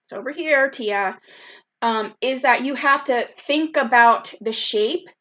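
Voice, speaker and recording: A woman's voice: fairly high pitch, measured pace, bright, forceful tone, muffled recording. A woman leading a live online youth workshop, chatty and upbeat, reading out viewers' comments by name over a video call. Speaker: program specialist leading a virtual youth workshop.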